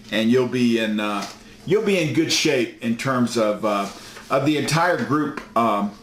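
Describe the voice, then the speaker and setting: A male professor giving a recorded course lecture, folksy and full of fillers as he tells stories. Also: mid-range voice. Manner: folksy storytelling with many fillers. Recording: echoey room, faint noise.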